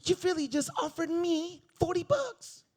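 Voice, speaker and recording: A young adult man doing a stand-up comedy set, animated and laughing at his own jokes. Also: very high voice, moderate pace.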